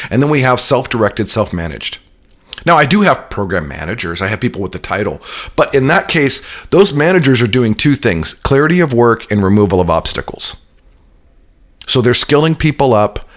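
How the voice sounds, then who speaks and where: Low-voiced man explaining with energy. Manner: energetic explainer, repeats words when starting sentences. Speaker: interview guest. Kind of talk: conversational business interview.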